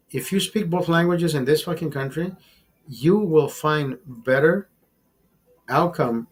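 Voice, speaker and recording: A man with a somewhat high voice holds forth to his livestream chat. He talks in a heated, preachy way and swears freely. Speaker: livestream host. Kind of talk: casual talk to a live chat.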